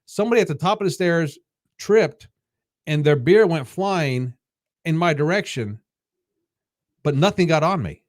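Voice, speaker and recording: A man in his fifties, a podcast guest, telling casual stories in a halting way that repeats words. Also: on the high side, lively intonation, no room sound. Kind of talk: casual storytelling.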